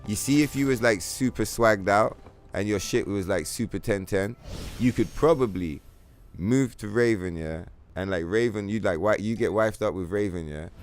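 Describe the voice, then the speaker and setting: A man's voice: on the low side, normal speed, soft background music. A man streaming a game, rambling in a casual, profane, slang-heavy way. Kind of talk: casual livestream chat.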